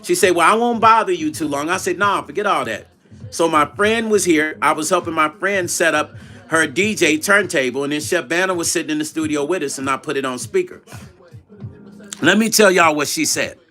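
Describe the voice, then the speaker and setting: A man's voice: on the high side, brisk, bright, forceful tone, soft background music. A middle-aged man hosting a casual livestream, telling a story in quoted back-and-forth dialogue and reading viewer chat aloud. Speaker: vlog host.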